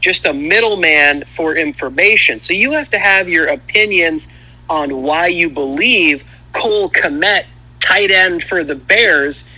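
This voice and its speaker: A man's voice: on the high side, bright, forceful tone, low-quality recording. A man who is an actor, a guest on a podcast, explaining things earnestly in casual chat.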